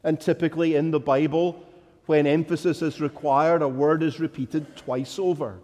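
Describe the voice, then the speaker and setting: A man preaching a sermon as a pastor, deliberate and building to emphatic declarations. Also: a little high, fairly even intonation, mellow, big-room sound.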